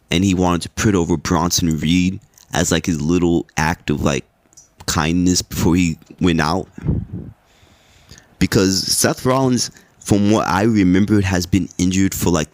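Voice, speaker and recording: A man's voice: deep voice, fairly even intonation, a little slow, no echo. A young man hosting a podcast, giving a casual, rambling recap of wrestling in a sleepy, laid-back way with lots of filler words and swearing. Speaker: podcast host.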